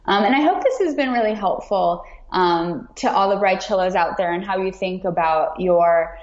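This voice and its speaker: A woman's voice: medium pitch, moderate pace. A woman guest on a podcast, talking in an earnest, encouraging way. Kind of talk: casual podcast chat. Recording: roomy, dull remote audio.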